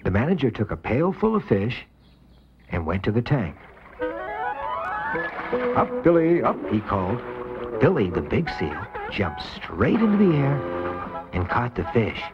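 A man's voice: mid-range voice, normal speed. Guy reading a kids' story, voice jumps all over, muffled old vhs, music playing behind. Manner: animated, expressive reading. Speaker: narrator. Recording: dull lo-fi VHS tape.

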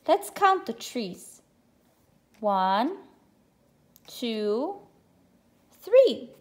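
A woman's voice: on the high side, sing-song, slow pace. A woman teacher reading a picture book aloud to children, encouraging them to count along with her. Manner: encouraging, addresses listeners as friends.

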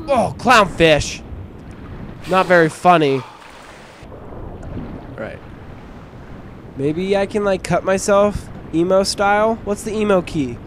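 A young man hosting a let's-play video, joking with viewers in bro slang and yelping loudly at every scare. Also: sits high, slight background noise. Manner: excitable, yelps and shrieks at scares. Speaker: gaming video host.

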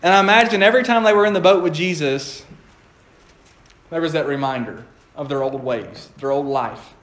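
A man's voice: on the high side, normal speed, fairly bright tone. A man preaching a conversational sermon in a church, playful and laughing often as he acts out quotes.

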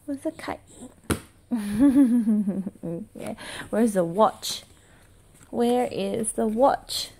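A mother quizzing her toddler with flash cards, asking questions slowly in a sing-song voice, praising her and making animal noises. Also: a little high, creaky, darkish tone.

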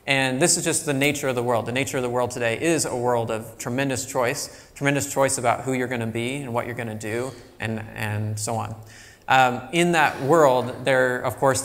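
A middle-aged man gives a relaxed public lecture, talking things through with plenty of fillers and restarts. His voice sits at an ordinary pitch and carries a long reverb from the large lecture hall around him. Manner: conversational, thinking aloud with fillers. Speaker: guest lecturer.

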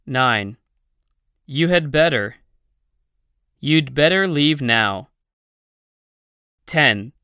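A reader slowly and deliberately voicing English classroom phrases for a language-learning audio book, pausing between each one. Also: medium pitch, lively intonation, sharp tone, clean tone, no echo, studio quality. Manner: slow, deliberate reading with pauses between phrases.

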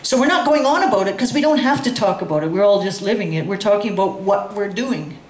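Animated woman telling a story. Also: medium pitch, quick pace. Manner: animated, acts out quoted voices, laughs often. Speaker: guest speaker. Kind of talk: personal storytelling. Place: community session room. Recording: echoey room with faint ambient noise.

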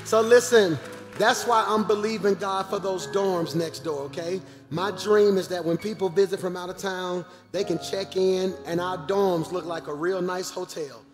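Male pastor, high-voiced and animated, live church reverb with faint music; calls out to the crowd. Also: normal speed. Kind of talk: church announcements from the pulpit. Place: large church auditorium.

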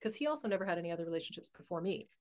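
A woman telling a personal story as a podcast guest, animated and laughing often as she talks. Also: on the low side, racing. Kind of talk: casual conversational storytelling.

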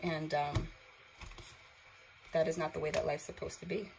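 A woman's voice: sits low, little pitch movement, normal speed, creaky, very noisy. A young woman giving a tarot card reading, emotional and awed, reading card texts aloud, with water sounds from a sound machine in the background. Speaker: tarot reader.

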